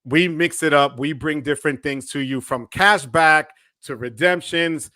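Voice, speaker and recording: High, bright-voiced male livestream host. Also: measured pace, no echo, clean studio sound. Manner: hypes up viewers with shout-outs. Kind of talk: energetic livestream chat. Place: home studio.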